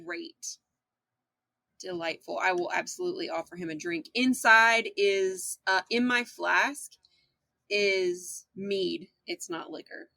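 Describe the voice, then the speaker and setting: A woman player in a tabletop role-play session, teasing herself over her bad dice rolls. She talks slowly in a bright, fairly high voice. The recording is dry and close. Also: lively intonation, creaky, dry recording. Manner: playful, self-mocking about dice rolls.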